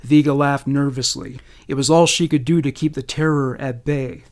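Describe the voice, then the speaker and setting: A man's voice: medium pitch, steady tone. Serious male narrator. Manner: measured, serious. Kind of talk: scripted narration.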